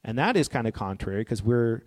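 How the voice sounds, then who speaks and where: A man giving a reflective, personal talk in an earnest, gently encouraging way. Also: medium pitch, animated, brisk. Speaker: speaker on grief and healing. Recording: long hall reverb.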